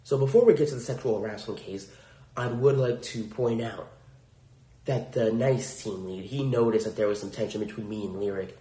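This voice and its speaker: On a solo podcast, a young adult man tells a work story in a lowish, dark voice at a moderate pace. He is blunt, indignant and swears frequently, and the recording has a roomy echo.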